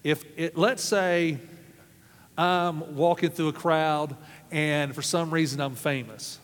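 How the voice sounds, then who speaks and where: A man's voice: a little high, fairly even intonation, takes it slowly. Man preaching in an echoing hall. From South Arkansas, USA. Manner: storytelling with folksy humorous asides. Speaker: pastor. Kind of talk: sermon. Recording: long hall reverb.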